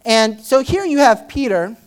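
A woman preaching a sermon in a conversational way, with many fillers, who acts out Bible scenes with sudden loud, high outbursts. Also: lively intonation, measured pace. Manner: dramatic, acting out Bible scenes in shifting voices.

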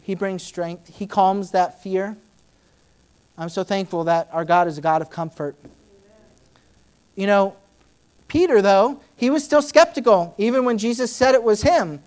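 A woman delivers a sermon in a chatty, storytelling way. She leans on fillers and drops her voice low for earnest points, then acts out Bible scenes with sudden high, loud outbursts. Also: animated, unhurried, long pauses. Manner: dramatic, acting out Bible scenes in shifting voices; conversational, many "you know" fillers. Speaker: preacher.

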